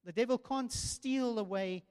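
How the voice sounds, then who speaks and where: High-voiced preacher in a reverberant hall. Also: male voice, measured pace, darkish tone, clear, resonant tone. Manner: earnest storytelling preacher, rising to emphatic declarations. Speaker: pastor. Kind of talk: sermon. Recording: long church reverb.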